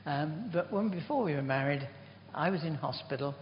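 A man's voice: on the high side, expressive, normal speed, a little hiss or hum. Older man preaching in a hall. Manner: rambling, chatty, self-deprecating. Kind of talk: informal sermon with anecdotes. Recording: dull recording in a reverberant hall.

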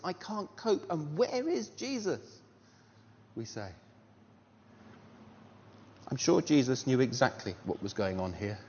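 A man preaching a sermon, telling a story and asking animated rhetorical questions with a touch of self-deprecating humour. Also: sits high. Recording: dull sound with long hall reverb.

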